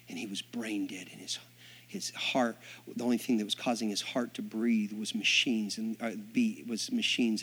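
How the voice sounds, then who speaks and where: A man preaching, a minister telling a story with acted-out dialogue and big swings from hushed asides to shouting. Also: fairly low pitch. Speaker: Assembly of God minister. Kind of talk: storytelling sermon.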